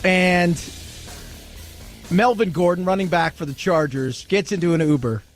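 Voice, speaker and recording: A man's voice: high voice, measured pace, soft background music. A man hosting a talk radio show, chatting casually and rambling, often laughing at his own stories. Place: radio studio. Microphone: studio microphone.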